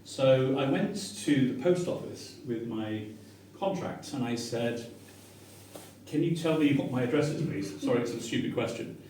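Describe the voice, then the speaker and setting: A middle-aged Englishman with a Mancunian accent speaks at normal speed and medium pitch, telling a comic story to a restaurant crowd. Animated and self-mocking, he mimics the people he quotes. The echoey room is recorded from afar, with a little hiss or hum.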